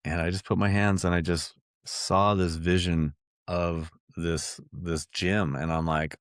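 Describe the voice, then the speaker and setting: Deep-voiced middle-aged guy on a podcast, earnest rambly storytelling, dry close mic. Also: flat delivery, measured pace, dry recording. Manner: earnest, rambling, lots of restarts and fillers. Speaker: podcast guest. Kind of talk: personal storytelling in an interview.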